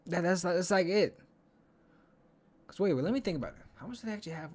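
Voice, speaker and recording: A man's voice: high voice, animated, quick pace, a little mellow. A young man hosting a solo podcast in casual chat, rambling and swearing, counting under his breath while he thinks aloud. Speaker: podcast host.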